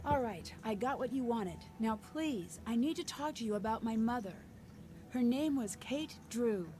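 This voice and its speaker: Woman voicing a earnest young girl detective in a mystery game, politely asking stuff, kinda high voice. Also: lively intonation, normal speed, over music, lightly acted. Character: curious young female detective.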